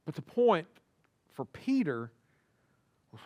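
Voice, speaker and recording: Animated preacher man. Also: a little high, a little slow, dry recording. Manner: animated preaching, acts out little dialogues, talks to the congregation. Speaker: pastor. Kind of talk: sermon. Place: church sanctuary.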